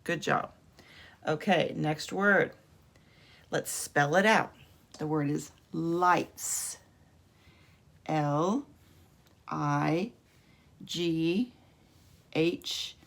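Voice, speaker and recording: A woman teacher giving a patient home video lesson on phonics, sounding out letters and words slowly from her room. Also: sits low, vocal fry.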